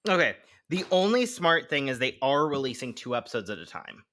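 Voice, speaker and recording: A man's voice: medium pitch, fairly quick. A man co-hosting a podcast, chatting casually about TV and games and often laughing. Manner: animated, laughs often, quotes himself in funny voices. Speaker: podcast co-host. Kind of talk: casual chat.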